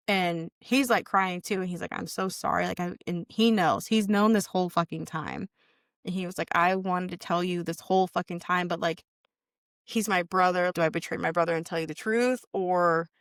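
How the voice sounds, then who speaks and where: A woman's voice: fairly low pitch, vocal fry, a bit bright, no echo, clean studio sound. A young woman on a podcast telling a personal story in casual chat, candid and cursing freely, acting out what people said. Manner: candid, heavy swearing, acts out quoted lines. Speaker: podcast guest.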